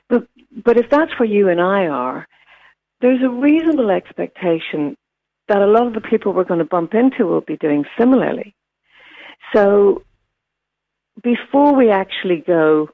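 NZ woman guest, gravelly voice, tinny phone line, thoughtful advice. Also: mid-range voice, lively intonation, a little slow, pauses often. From New Zealand. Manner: gentle, reflective, many fillers and restarts. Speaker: wellbeing expert guest. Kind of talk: radio interview, casual advice.

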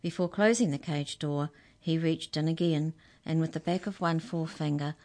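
Low-voiced woman reading a children's story. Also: moderate pace. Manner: lively, expressive reading.

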